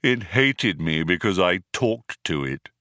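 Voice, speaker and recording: A man voicing a gloomy, depressed male robot in an audiobook, with a muffled, mournful drone and slow, dejected delivery. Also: low voice, big pitch swings, bright, forceful tone, dry recording, clean studio sound, pitched below the performer's own voice, heavily acted. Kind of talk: audiobook character voice.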